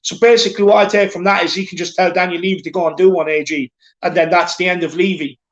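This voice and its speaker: A man with an Irish accent and a notably high voice hosts a casual live stream, recorded on a phone. He talks in a chatty, repetitive way and keeps calling people "lad" and "my man.". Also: steady tone, fast, lo-fi sound. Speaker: show host reading super chats.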